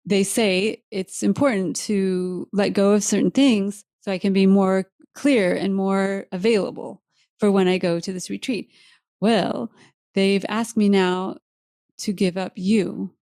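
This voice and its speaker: A woman's voice: mid-range voice, steady tone, takes it slowly, darkish tone, no echo, clean studio sound. A woman hosting a podcast, telling a personal story in a candid, heartfelt way and laughing easily. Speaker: podcast host.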